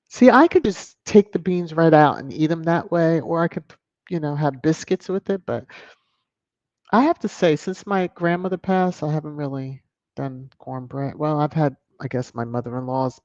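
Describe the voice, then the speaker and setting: A woman's voice: deep voice, darkish tone, dry recording, muffled recording. A woman hosting a casual livestream, chatting and greeting viewers by name as she reads their comments aloud. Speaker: channel host.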